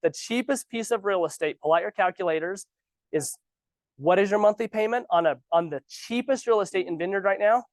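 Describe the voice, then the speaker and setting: Give me an animated, sarcastic man coaching new agents in a dry room. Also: high-pitched, a little fast, dry recording. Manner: animated, ranting, sarcastic asides. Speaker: real estate trainer. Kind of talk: casual training talk. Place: office training room.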